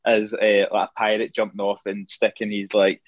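A man's voice: lowish voice, level tone, normal speed. A man chatting casually on a podcast, rambling through stories and laughing often. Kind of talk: casual chat.

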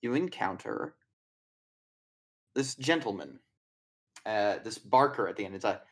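A man's voice: lowish voice, animated, measured pace, pauses often. Chatty male game master. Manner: chatty, rambling, with casual fillers and swearing. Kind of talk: narrating a tabletop game.

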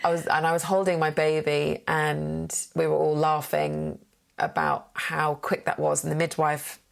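A woman speaks in a noticeably low voice. She tells her stories frankly and with animation, slipping into the voices of the people she quotes. The tone is that of an unscripted, casual conversation. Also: level tone, unhurried, vocal fry. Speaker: guest. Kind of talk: candid conversational storytelling.

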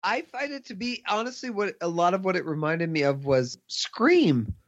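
A man's voice: high voice, big pitch swings, moderate pace. A man co-hosting a podcast, talking about a film with dry, sarcastic asides. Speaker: podcast co-host. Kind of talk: casual film discussion. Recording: dull lo-fi audio.

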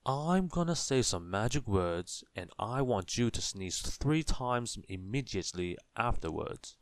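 A wise old wizard, brisk and fussy, booms out his exclamations, played by a man reading a storybook. The voice sits a little above a low, slow reader's tone and is pushed loud. It is recorded close and dry. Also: expressive, no room sound. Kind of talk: storybook read-aloud.

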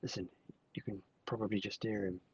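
A man's voice: fairly low pitch, level tone, brisk, darkish tone, husky, no echo, lo-fi sound. A man in improvised comic chat, giving rambling, mock-serious warnings.

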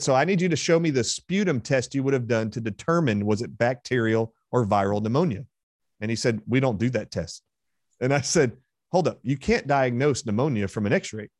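A man's voice: medium pitch, no echo, studio quality. A man being interviewed as a guest, retelling a heated exchange with force and emphasis. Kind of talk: interview storytelling.

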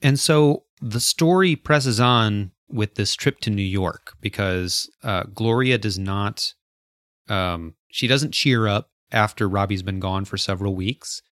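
A man co-hosting a casual book discussion, retelling scenes in an animated way and acting out the characters' lines. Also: on the low side, a little slow, no room sound, clean studio sound. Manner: animated storyteller, acts out quotes. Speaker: podcast co-host.

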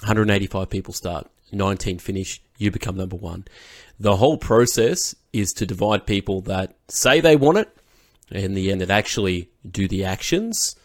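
Low-voiced male interview host. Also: lively intonation, moderate pace, dry recording, studio quality. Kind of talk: conversational interview question.

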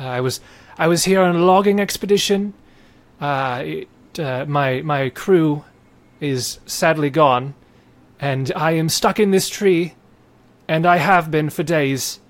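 A man's voice: measured pace, natural voice. A man voicing a male merchant stuck up a tree, calling out and pleading for help. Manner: high, loud, pleading.

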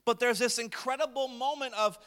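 High-voiced male pastor in a reverberant hall. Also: fairly even intonation, brisk, fairly bright tone, clean tone. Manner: conversational storytelling with light humor. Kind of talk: sermon.

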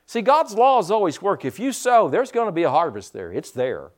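Preaching in a high-pitched, sing-song voice at normal speed, a male pastor keeps his sermon conversational. He sprinkles in frequent amens and alternates hushed asides with louder emphasis.

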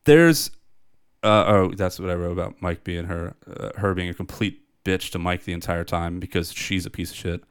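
A man's voice: low voice, moderate pace, smooth. A man co-hosting a podcast in casual chat, ranting and swearing as he talks. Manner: ranting, profane, animated. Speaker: podcast co-host.

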